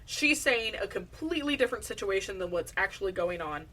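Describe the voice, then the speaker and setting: A woman's voice: medium pitch, expressive, a little fast, bright, forceful tone, recorded from a distance. A woman co-hosting a podcast, recapping a documentary in casual, profane, mocking rants. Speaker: podcast co-host. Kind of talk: casual chat recapping a true-crime documentary.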